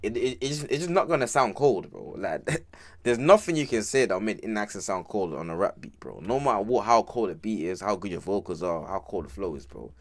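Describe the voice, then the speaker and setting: Man, low and lively, slangy streamer reacting live to a video. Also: a little fast. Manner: animated, slangy, laughs often, addresses chat. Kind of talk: casual reaction chat.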